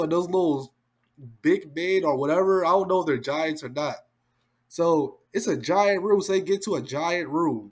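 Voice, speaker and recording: Male reviewer, casual and slangy, slightly husky with a fairly high voice. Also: moderate pace. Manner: slangy, loose, peppered with "man" and "like". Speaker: manga reviewer.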